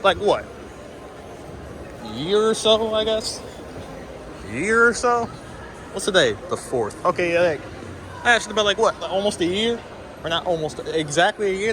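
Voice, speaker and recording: A man talks casually to the camera while he strolls outdoors, his pitch jumping around a lot as he teases the animals. His voice sits a little high for a man. There's faint outdoor noise behind him. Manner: chatty, talks to the animals, teasing. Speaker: vlogger. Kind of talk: casual vlog chat while walking. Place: outdoors at a farm or petting zoo.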